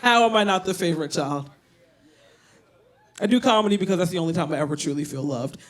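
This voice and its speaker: A woman's voice: on the low side, fast talker. Brash, profane woman doing stand-up. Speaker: stand-up comedian. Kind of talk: stand-up set. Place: comedy bar stage, indoors.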